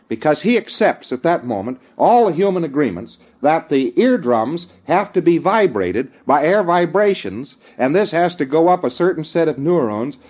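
A man's voice: a little high, darkish tone. Man lecturing casually on dull old tape. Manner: informal, keeps checking in with listeners, chuckles often. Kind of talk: conversational lecture.

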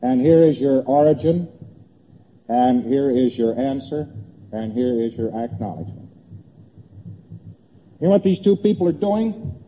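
A man's voice: mid-range voice, expressive, unhurried, pauses often, slight background noise. A man giving a conversational lecture, walking through graphs on a board and acting out small exchanges. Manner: conversational, repeats points, acts out little exchanges. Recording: tinny old tape in a reverberant hall.

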